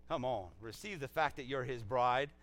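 At a church service, a man delivers a sermon conversationally at a moderate pace. He repeats phrases and swings between loud exclamations and soft, low readings of scripture.

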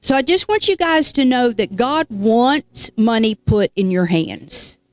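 A woman preacher telling a story in an animated, folksy sermon, with casual asides to the congregation. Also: fairly high pitch, a little slow, soft background music.

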